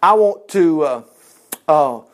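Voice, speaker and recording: Brief: animated Bible teacher, high-pitched man with a lively, swooping voice. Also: slow pace. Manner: animated, chuckling, chatty asides.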